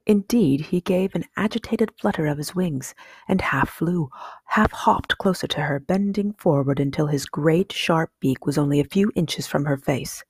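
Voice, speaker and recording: A woman reading a children's novel aloud in calm, measured audiobook narration. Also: low-pitched, breathy edge, no echo, studio quality. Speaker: reader.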